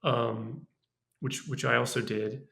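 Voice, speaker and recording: A man, a screenwriter guest on a podcast, telling animated stories about his work in a casual way. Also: mid-range voice, slow, vocal fry. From Los Angeles. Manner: animated, restarts and acts out quoted voices.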